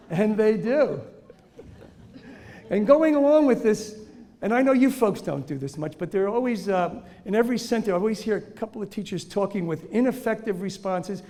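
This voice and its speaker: A man's voice: high voice, sing-song, normal speed, warm tone. A man giving a humorous lecture to teachers on children's behavior, joking, laughing often and acting out examples.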